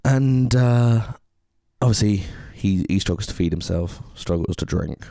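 A man's voice: on the low side, unhurried, gravelly, mellow, dry recording, studio quality. A man co-hosting a casual podcast, speaking earnestly and from the heart. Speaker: podcast co-host.

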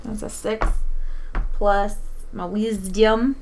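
A woman's voice: mid-range voice, flat delivery, takes it slowly, a little hiss or hum. A woman playing a character in a tabletop role-playing game, talking bluntly and with determination. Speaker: player.

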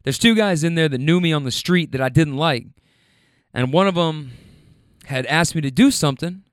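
A man's voice: fairly high pitch, moderate pace, dry recording, clean studio sound, close to an everyday voice. A man voicing a weary grown man who answers in plain, clipped street talk. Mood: matter-of-fact. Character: weary grown man leaving a bad living situation.

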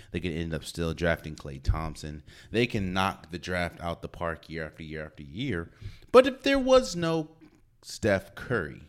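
A man hosting a solo sports podcast, talking casually and stopping to repeat words as he restarts. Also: low-pitched. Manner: animated, repeats words when restarting, laughs often. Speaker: podcast host. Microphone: podcast mic.

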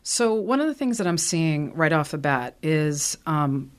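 A woman's voice: low-pitched, animated, a little slow. A woman hosting a podcast and reading tarot, chatting casually with a lot of fillers. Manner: chatty storyteller, many fillers. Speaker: podcast host and tarot reader.

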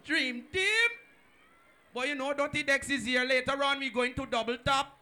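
A man with a Jamaican accent MCing a party, shouting announcements and hype to the crowd over a microphone. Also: very high voice, moderate pace. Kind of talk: hyping a live party crowd over a mic.

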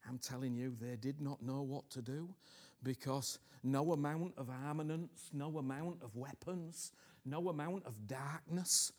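Impassioned preacher, whisper to shout. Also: male voice, fairly high pitch, moderate pace. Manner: swings from hushed whispers to loud impassioned pleading; repeats himself, asks "you understand me?" often. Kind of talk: sermon.

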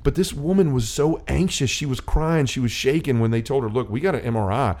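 A man's voice: medium pitch, a little fast, a little mellow. A middle-aged man hosting a faith-based chat, telling a personal story in an earnest, rambling way. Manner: earnest storytelling, many restarts and quoted dialogue.

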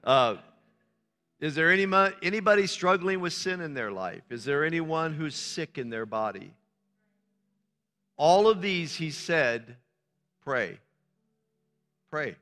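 A man's voice: on the high side, lively intonation, slow pace, long pauses, a bit bright. A man preaching as a pastor, speaking informally to his congregation and asking it short questions. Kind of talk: sermon. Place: church hall. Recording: church hall reverb.

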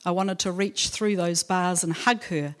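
A woman speaking at church, reading scripture and then telling a personal mission story with gentle humour. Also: lowish voice, steady tone, measured pace. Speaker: church speaker sharing a testimony. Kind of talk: devotional talk and personal story.

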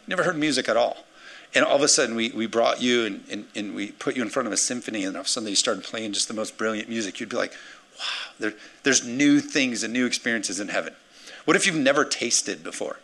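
Gravelly, bright-voiced man preaching. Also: medium pitch, quick pace. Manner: energetic preaching with playful acted asides. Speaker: pastor. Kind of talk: sermon.

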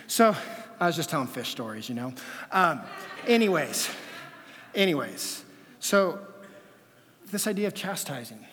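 A man preaching a sermon as pastor, telling stories in an animated way that swings between loud passages and hushed ones. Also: a little high, normal speed, pauses often. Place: church sanctuary. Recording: long reverb of a church hall.

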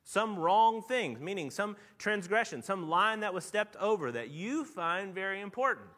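Animated, bright-voiced male preacher. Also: high voice, normal speed, big-room sound. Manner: lively storytelling with animated rising outbursts. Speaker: pastor. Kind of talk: sermon.

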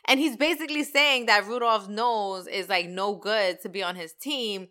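A woman hosting her own podcast, ranting in a casual, animated way with lots of slang and swearing. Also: a little high. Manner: animated, slangy and profane, talks fast. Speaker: podcast host. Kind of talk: casual solo podcast rant.

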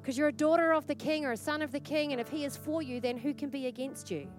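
A woman's voice: high-pitched, fast talker, soft background music. A woman pastor with a New Zealand accent preaching a sermon in a church, earnest and exhorting, repeating her points for emphasis.

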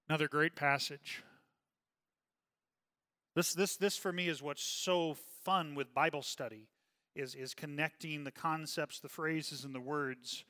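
A man's voice: fairly high pitch, fairly even intonation, a little slow, pushed and bright, long reverb tail. A man leading a Bible study as pastor, earnest and often checking in with "okay?".

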